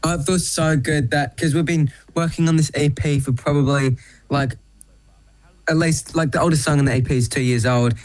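Young aussie musician dude, eighteen, rambling excitedly with lots of likes. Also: male voice, fairly high pitch, normal speed, low-quality recording. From Western Australia. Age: young adult. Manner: eager, rambling with many likes. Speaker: musician guest. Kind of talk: casual interview chat.

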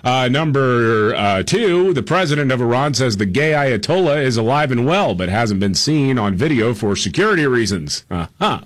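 A man's voice: medium pitch, big pitch swings, moderate pace, few pauses. A man co-hosting a radio talk show, reading news items with dry asides and frequent "uh"s. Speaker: radio co-host. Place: radio studio.

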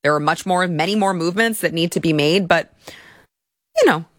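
A woman's voice: fairly low pitch, fairly quick, no echo, clean studio sound. A woman from the United States giving sarcastic, mocking opinion commentary and reading posts aloud. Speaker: political commentator.

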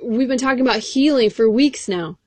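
A woman's voice: a little high, normal speed, darkish tone, no echo. Earnest woman preaching a sermon. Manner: earnest, reads scripture aloud, asks the listeners direct questions.

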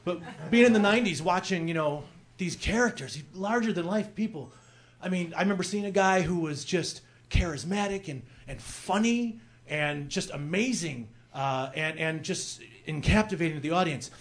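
A man's voice: high-pitched, lively intonation, normal speed. A man in his forties from the Chicago area doing a rambling, self-deprecating stand-up set, laughing through his lines. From Chicago area, USA. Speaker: stand-up comedian. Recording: live club mic with crowd noise.

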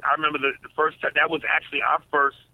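A man, a comedian, calling into a radio interview, relaxed and talking in frequent restarts. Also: on the high side, fast, no echo. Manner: relaxed, stammers and restarts often. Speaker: comedian guest. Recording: tinny phone line.

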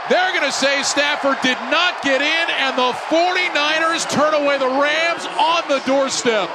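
A man calling a live football play on radio, building from steady description to shouted excitement. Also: very high-pitched, a little slow. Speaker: play-by-play announcer. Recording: archive radio clip with stadium crowd. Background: crowd noise.

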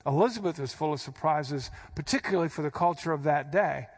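A man's voice: a little high, fairly quick, slightly rough. A man preaching an expository sermon, explaining a passage in a teacherly, emphatic way and punching out key words. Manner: emphatic, stresses quoted words with sudden rises. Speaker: pastor.

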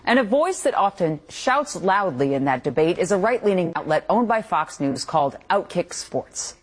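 A TV news anchor, a woman with a breathy voice and a lively, animated pitch. She delivers a scripted, editorializing commentary, heard as a broadcast clip. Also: normal speed.

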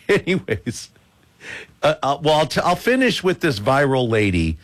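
A man hosting a talk radio show who spins a joking, self-mocking story. His voice swings up and down in a lively way as he tells it. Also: on the high side, a little slow. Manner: animated, joking, self-mocking dad humor. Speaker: radio host.

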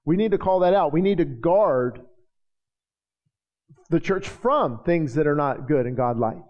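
A man preaching a sermon in a church, joking with the congregation and building to shouted passages. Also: on the high side, animated, unhurried. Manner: jokey asides to the congregation. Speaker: pastor. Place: church sanctuary. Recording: hall reverb, dull lo-fi sound.

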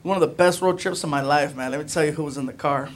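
A man telling a story on a comedy club stage, animated, acting out his friends' voices. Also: fairly high pitch, fast talker. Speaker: stand-up comedian. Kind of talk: stand-up storytelling. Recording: noisy live club recording.

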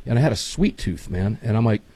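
Man host, folksy chat, husky voice with lively pitch. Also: brisk, no echo. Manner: folksy, animated storytelling. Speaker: show host. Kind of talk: casual talk show banter.

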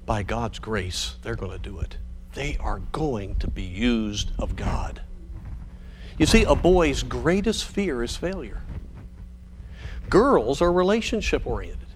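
A man's voice: medium pitch, a little hiss or hum. A man preaching a sermon to fathers, earnest and exhorting, weaving in illustrative stories. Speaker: pastor.

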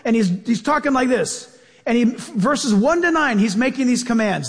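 High-voiced male preacher in a reverberant hall. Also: lively intonation, normal speed. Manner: emphatic, conversational preaching with repeated phrases. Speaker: pastor. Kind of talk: sermon. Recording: long reverb of a large hall.

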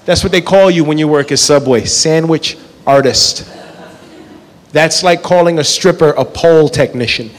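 A man's voice: fairly high pitch, normal speed. Laid-back man doing stand-up in a reverberant venue. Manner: laid-back, absurd storytelling with acted-out dialogue. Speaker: stand-up comedian. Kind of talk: stand-up set. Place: comedy club stage. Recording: live venue with long reverb.

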